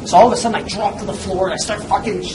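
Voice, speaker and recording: Animated, profane man in a roomy room. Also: high-pitched, very fast. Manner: animated, profane, laughs often. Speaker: self-defense instructor. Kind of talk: casual storytelling to a class. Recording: roomy and distant with noise.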